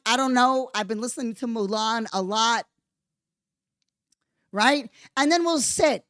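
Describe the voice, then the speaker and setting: A woman hosting a podcast, giving heated political commentary, swearing a lot and sarcastic, at times jumping into high, mocking outbursts. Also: animated, normal speed, no echo, studio quality. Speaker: podcast host.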